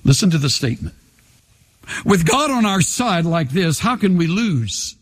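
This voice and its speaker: A man's voice: high-pitched, very animated, a little slow, slightly rough. An older male pastor preaching a sermon, leading the congregation in call-and-response with emphatic, repetitive phrasing in a large church. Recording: long hall reverb.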